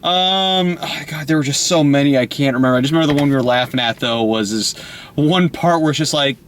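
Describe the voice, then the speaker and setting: A young man in casual chat with a friend, rambling with many fillers and quick to laugh. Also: fairly high pitch, slight background noise. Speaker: podcast co-host.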